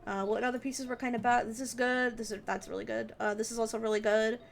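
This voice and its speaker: A woman's voice: fairly high pitch, level tone, quick pace, vocal fry, a little hiss or hum. A young woman streamer giving casual game advice, thinking aloud with lots of fillers. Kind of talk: casual game guide commentary on a live stream. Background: background music and keyboard typing.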